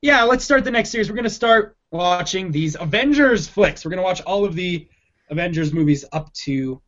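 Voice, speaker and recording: A man's voice: high voice, expressive, moderate pace, a bit bright, highs cut off. A man co-hosting a movie podcast in casual chat, laid-back and swearing freely. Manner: laid-back, swears, says dude a lot. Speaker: podcast co-host.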